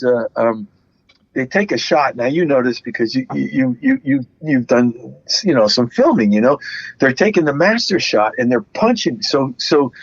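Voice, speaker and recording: A man's voice: mid-range voice, no room sound, muffled recording. A man in his sixties, an actor and interview guest, telling anecdotes, acting out the voices of the people in his stories and laughing often. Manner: animated storyteller acting out quotes, laughs often. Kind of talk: anecdotal storytelling.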